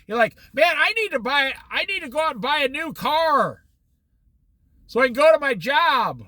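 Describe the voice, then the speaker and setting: A man's voice: extremely high pitch, normal speed, no echo. A man giving a casual Bible study talk, acting out little dialogues between people and God. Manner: animated, acts out little dialogues. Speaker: Bible teacher. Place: Oregon coast.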